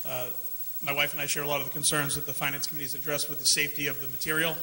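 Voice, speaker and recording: A man's voice: on the high side, flat delivery, rapid-fire, bright, forceful tone. A man speaking bluntly and critically at a town meeting. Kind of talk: public meeting speech. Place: large meeting hall. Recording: echoey hall, faint hiss.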